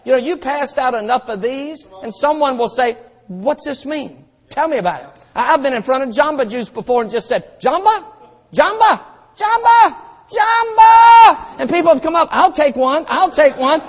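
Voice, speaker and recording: A man preaching a sermon as pastor, telling stories and swinging from quiet asides to loud shouted lines. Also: extremely high pitch, brisk, few pauses. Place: church auditorium. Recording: dull sound with long hall reverb.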